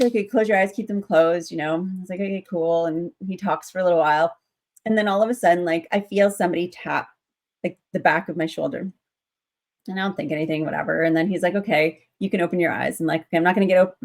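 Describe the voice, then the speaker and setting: A young adult woman, a guest in an interview, telling a story casually with many fillers and acting out the voices in her quotes. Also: lowish voice.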